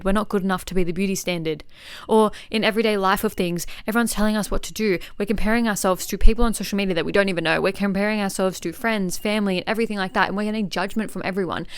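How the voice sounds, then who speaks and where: A young woman in her twenties talks through a solo podcast at a rapid clip, fired-up and blunt, swearing as she goes. Her voice is smooth and clear. The recording is dry and close, with no room sound. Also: mid-range voice, no echo. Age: 20s. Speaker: podcast host and fitness coach. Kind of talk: casual solo podcast monologue.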